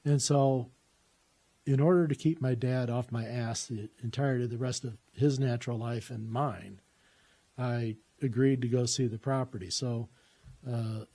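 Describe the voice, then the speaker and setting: A man's voice: medium pitch, steady tone, moderate pace, warm tone. A man telling a personal story in a casual, rambling way, with lots of "uh" fillers and restarts.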